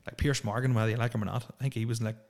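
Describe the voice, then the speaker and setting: Guy in his 30s ranting on his own podcast, swears a lot, pretty monotone. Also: mid-range voice, very fast. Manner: profane, opinionated rambling. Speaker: podcast host. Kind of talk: solo podcast rant.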